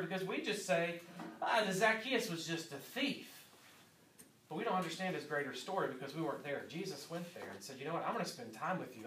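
A man's voice: fairly high pitch, a bit bright, distant mic, a little hiss or hum. A man in his thirties, a pastor delivering an earnest sermon and repeating key lines for emphasis. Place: church sanctuary. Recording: echoey church room, voice from off-mic.

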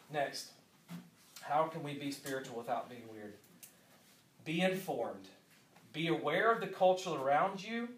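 In an echoey church sanctuary, a pastor in his thirties preaches an earnest sermon and repeats key lines for emphasis. His voice is medium in pitch with a fairly bright tone, picked up from a distance rather than close to the mic.

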